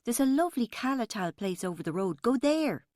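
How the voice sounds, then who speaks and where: Brief: woman reading as a brash sardonic young waitress, bossy and blunt, pitched up higher and louder, dry studio sound. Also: very animated, brisk, no echo. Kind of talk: audiobook character voice.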